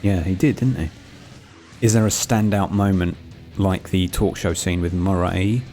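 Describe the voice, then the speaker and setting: Low-voiced teasing man. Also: steady tone, a little slow, dark tone, soft background music. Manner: teasing, jokey. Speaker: podcast co-host. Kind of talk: casual chat.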